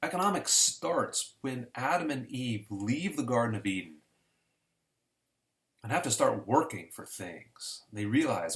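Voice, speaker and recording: Male teacher, casual lesson, storytelling, lively intonation, medium pitch. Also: measured pace. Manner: conversational storytelling, homespun examples. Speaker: economics teacher.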